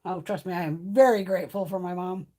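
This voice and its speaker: A woman's voice: fairly low pitch, fairly even intonation, quick pace, warm tone. A woman hosting a beauty livestream, chatting casually with viewers, blunt and swearing freely, with frequent laughs. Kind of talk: casual live chat with viewers. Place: home on a mountain.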